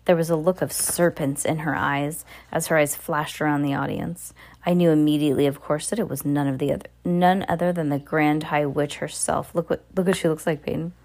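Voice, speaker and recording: Low-voiced woman reading a novel aloud. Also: steady tone, moderate pace, creaky, few pauses, darkish tone. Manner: casual amateur reading with stumbles and restarts; asides to a listener beside her. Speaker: reader.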